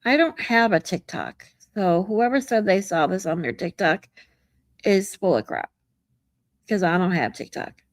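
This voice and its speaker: A woman's voice: on the low side, expressive, unhurried, no echo. Frank, chatty woman livestream host. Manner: chatty, frank, swears casually, greets viewers. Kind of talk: casual chat reading viewer comments.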